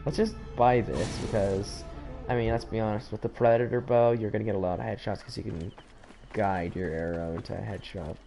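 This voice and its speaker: A man's voice: on the low side, steady tone, fairly quick, vocal fry. An American man hosting a gaming channel, chatting casually and rambling as he plays. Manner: rambling, chatty, self-interrupting. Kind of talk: casual let's-play commentary. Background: game music.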